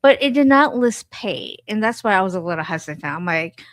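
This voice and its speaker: A woman's voice: on the low side, lively intonation, a little fast, dry recording, studio quality. A woman hosting a podcast, candidly telling her own story in an emotional, frank way full of fillers and repeats.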